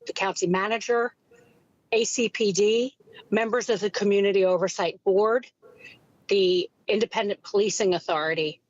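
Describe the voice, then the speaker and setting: A woman speaks earnestly during public comment, measured and firm. The audio is dull and lo-fi, with no room sound at all. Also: medium pitch, no room sound. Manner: earnest and measured, with some restarts. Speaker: public commenter for a community group.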